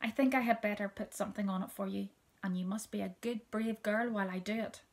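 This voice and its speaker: A woman voicing a kind mother in a read-aloud storybook, gentle and softly spoken. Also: mid-range voice, fairly even intonation, quick pace, close to an everyday voice. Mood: caring. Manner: gentle, soft, half whispered. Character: kind, soothing mother of a small girl.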